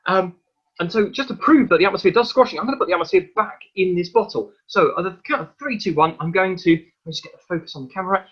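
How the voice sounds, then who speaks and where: A man presenting a live online science demonstration for children, explaining each step in a lively, hands-on way. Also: high-pitched, fast talker, husky, lo-fi sound.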